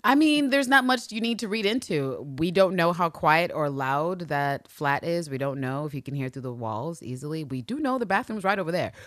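A woman's voice: deep voice, normal speed, hardly any pauses, no room sound. Podcast lady, cussing a lot, voice swings all over the place, dry close mic. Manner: animated, profane, acts out scenes in put-on voices. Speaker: podcast co-host. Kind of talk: casual chat.

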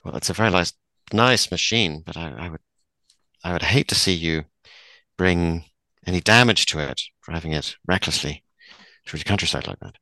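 A man's voice: low-pitched, normal speed, pauses often, sharp tone, no room sound, low-quality recording. A man playing a polite, prim woman investigator in a tabletop role-play game. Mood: prickly.

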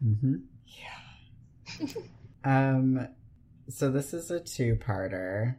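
A podcast host retells scenes in a lively, casual way. The host swears freely and acts out the lines as they go. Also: mid-range voice, extremely slow, a little hiss or hum. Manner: lively, profane retelling with acted-out quotes.

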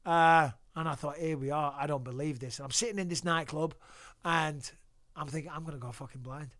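Swearing man, high-ish voice. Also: moderate pace, dry recording. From England. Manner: profane, lively anecdotal storyteller. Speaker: podcast guest. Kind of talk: casual storytelling interview.

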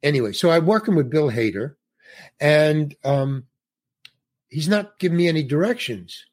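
A man's voice: fairly high pitch, lively intonation, normal speed, a little mellow. A man in his eighties from New York, a guest on a podcast, telling a rambling anecdote and acting out the dialogue as he goes. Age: 80s. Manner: rambling storyteller who acts out quoted dialogue.

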